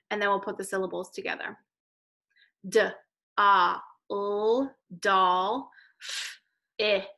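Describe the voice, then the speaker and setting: Bright-voiced woman teaching phonics. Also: mid-range voice, low-quality recording. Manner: slow, clear modelling of letter sounds. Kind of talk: recorded reading lesson for children.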